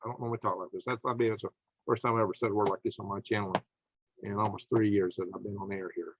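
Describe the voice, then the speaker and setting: Reading news stories on his channel, a middle-aged host reacts with furious indignation, sometimes erupting into outraged shouting. He speaks quickly in a steady, fairly low voice, with background noise and the high frequencies cut off.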